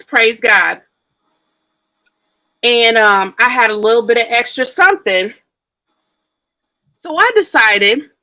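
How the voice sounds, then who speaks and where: A woman's voice: on the high side, pushed and bright, low-quality recording. A woman telling a story on a casual live stream. She sounds out of breath and talks in a chatty, colloquial way to her viewers.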